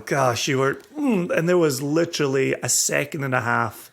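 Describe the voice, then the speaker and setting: A man co-hosting a casual podcast, his mid-pitched voice full of gravelly fry. He reminisces in an easy way, teasing his co-host and chuckling as he goes. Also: moderate pace.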